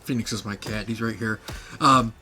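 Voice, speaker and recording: Brief: young male host, casual storyteller, bright tone, lots of laughter and filler words. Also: fairly low pitch, steady tone, normal speed, faint music behind. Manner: laughing often, rambling with fillers. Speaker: podcast host.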